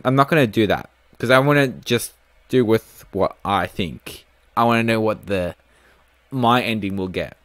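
Male let's-player, casual and chatty, lively pitch, dry close mic. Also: no echo. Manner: thinks aloud, casual, swears. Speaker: gaming video host. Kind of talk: casual let's-play commentary.

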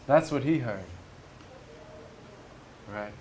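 A man's voice: mid-range voice, takes it slowly, pauses often, darkish tone, a little hiss or hum. A man giving a reflective spiritual talk at a retreat, storytelling conversationally and asking his listeners rhetorical questions. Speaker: speaker at a retreat. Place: outdoors near a river.

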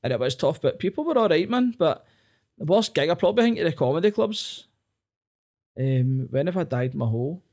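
A man's voice: a little high, expressive, a little fast, a little mellow. A young Glaswegian man, a stand-up comedian, telling sweary stories in casual podcast chat and laughing often. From Scotland.

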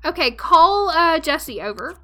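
A woman's voice: high voice, very animated, slow, a bit bright, soft background music. Giggly Southern woman streaming a game. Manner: chatty, giggly, talks to chat. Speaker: gaming livestreamer. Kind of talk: casual game commentary livestream.

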